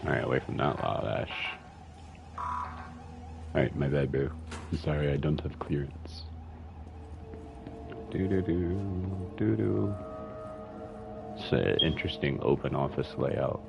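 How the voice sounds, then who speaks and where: A man with a gravelly bass voice streams a video game at a moderate pace, pausing often, with music playing behind him. His casual gameplay commentary includes swearing and humming as he reads game text aloud. Using headphones and a desk mic, the stream audio is slightly muffled with faint hiss.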